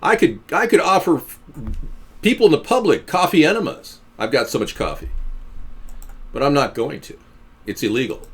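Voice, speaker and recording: A man hosting a live stream, talking to his viewers in a sarcastic, ranting, jokey way and swooping between high and low voices. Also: lively intonation, normal speed, long pauses, breathy edge.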